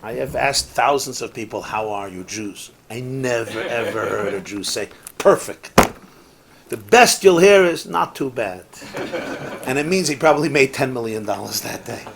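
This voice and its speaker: A man, a rabbi, teaching a Torah class in a lively, sing-song lecture style, mixing in Hebrew and Yiddish phrases, asking rhetorical questions and cracking jokes. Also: medium pitch, moderate pace, creaky, noisy background. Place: synagogue study hall, live class.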